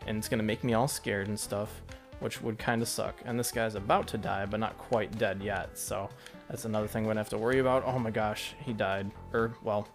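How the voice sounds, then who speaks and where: A man's voice: fairly low pitch, fairly quick, soft background music. Chatty man narrating his gameplay. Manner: chatty, excitable, thinks aloud about each move. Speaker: gameplay commentator. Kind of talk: let's play commentary.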